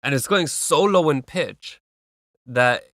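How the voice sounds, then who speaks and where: A man with an expressive, fairly bright medium-pitched voice takes it slowly, recorded dry at studio quality. He's a music feedback streamer offering casual, instructive mixing tips on a track, humming beats and using many fillers.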